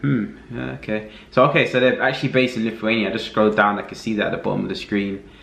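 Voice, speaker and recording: A man with a somewhat low voice talks through a screen-recorded review in a relaxed, unhurried way. He thinks aloud as he goes, with plenty of fillers and small restarts. His voice carries a roomy echo. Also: gravelly. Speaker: affiliate marketing reviewer. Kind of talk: casual screen-recorded walkthrough.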